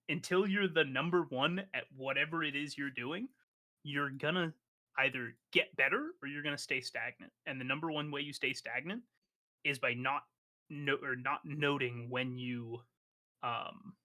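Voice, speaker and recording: A man's voice: mid-range voice, sing-song, unhurried, long pauses, sharp tone. Blunt, profane man streamer. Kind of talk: casual live-stream chat.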